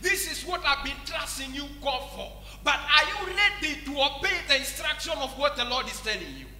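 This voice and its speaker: In an echoey church hall with music playing behind, a pastor with a Kenyan English accent delivers a sermon at a moderate pace. His voice is very high-pitched, animated, pushed and bright, and he frequently breaks into repeated praise refrains.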